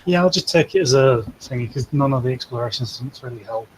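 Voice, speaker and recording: A man's voice: mid-range voice, a little fast, slight background noise, rough recording. A man playing a tabletop role-playing game, asking eager questions about the rules in casual talk. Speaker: player.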